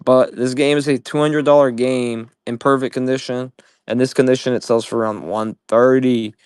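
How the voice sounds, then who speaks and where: A young man hosting a casual live-selling stream, profane and excitable as he pitches items while playing a game. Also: moderate pace, clear, resonant tone, no room sound, clean studio sound. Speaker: livestream seller.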